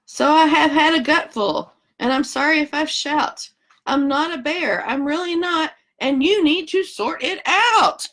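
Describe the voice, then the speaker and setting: A woman's voice: high voice, very animated, measured pace, fairly bright tone, pitched above the performer's own voice, heavily acted. A woman reading aloud, voicing an indignant male koala with an Australian accent. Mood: exasperated.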